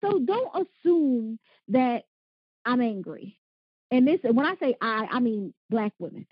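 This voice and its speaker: A woman co-hosting a casual podcast chat, telling animated stories, laughing often and acting out what people said. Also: on the high side, a little slow, husky, dry recording, muffled recording. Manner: animated storyteller, laughs often, acts out quotes. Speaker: podcast co-host.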